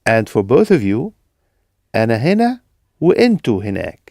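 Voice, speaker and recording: A man's voice: medium pitch, wildly swooping pitch, moderate pace, vocal fry, mellow, no echo, clean studio sound. A man assisting in a language lesson, modeling phrases and explaining them with examples. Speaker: native-speaker language assistant.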